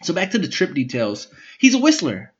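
A man's voice: fairly high pitch, a little fast, breathy edge. Young guy, rambling story, cussing, slightly dull lo-fi sound. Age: young adult. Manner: rambling, profane, animated impressions. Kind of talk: casual storytelling.

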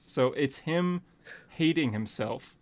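A man hosting a casual podcast, retelling a comic plot with animated laughs. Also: on the high side, slow pace. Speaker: podcast host. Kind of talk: casual comic book chat.

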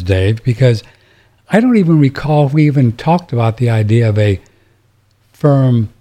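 A man hosts a casual talk radio show, rambling along with plenty of fillers and restarts. His voice is mellow and dark at a middle pitch.

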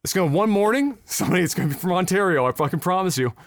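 A man, co-hosting a casual podcast and ranting profanely, getting loud when worked up. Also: high voice, expressive, very fast, dry recording, clean studio sound. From Nova Scotia, Canada. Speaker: podcast co-host.

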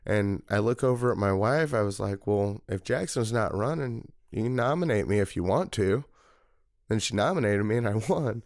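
A man's voice: fairly low pitch, normal speed, no room sound, clean studio sound. A man telling a long, rambling story in a casual interview, with many fillers. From Missouri, United States. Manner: rambling, relaxed, frequent fillers. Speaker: political party committeeman, guest.

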